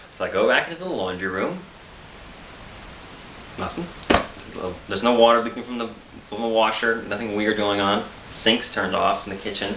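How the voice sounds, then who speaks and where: A man's voice: lowish voice, moderate pace, long pauses, bright, forceful tone, echoey room, slight background noise. A tired man telling a rambling, self-amused story in a casual vlog, with frequent laughs and restarts. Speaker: vlogger.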